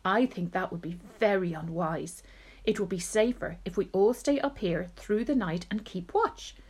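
A woman voicing an old, gentle and wise male grasshopper in a storybook reading, sometimes in a soft, breathy whisper. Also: mid-range voice, moderate pace, close to an everyday voice. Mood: calm.

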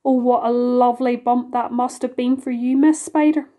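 A woman voices a polite, curious young boy who eagerly asks questions in an earnest mood. Her voice is a little high and dark-toned, fairly even in intonation, at normal speed and close to how she'd normally talk.

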